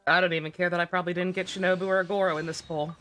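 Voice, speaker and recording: A young woman live-streaming a game, chatting casually, excitable and emotional, with lots of laughing and swearing. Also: fairly low pitch, rapid-fire, soft background music.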